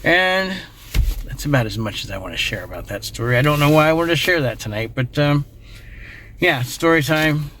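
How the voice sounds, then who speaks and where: A man's voice: a little high, animated, normal speed. Middle-aged man, personal storyteller, emotional and meandering, light faint hiss behind. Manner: rambling, emotional, trails off into quiet asides.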